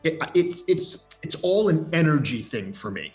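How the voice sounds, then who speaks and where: A man being interviewed about his voice acting work, talking with lively, animated energy. His voice sits a little above the usual pitch for a man. He often restarts his sentences as his thoughts race ahead. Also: normal speed, faint music behind. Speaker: voice actor. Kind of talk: interview chat.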